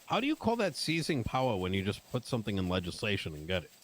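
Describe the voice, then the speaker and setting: Low-voiced man, blunt and profane. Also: wildly swooping pitch, fast talker, a little hiss or hum. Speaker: roleplay character in a city life game. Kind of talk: heated in-character argument.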